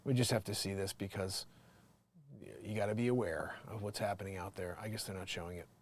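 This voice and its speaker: Rambling man muttering then shouting. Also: lowish voice, steady tone, fast talker, a little hiss or hum. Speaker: livestream host. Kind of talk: casual livestream commentary.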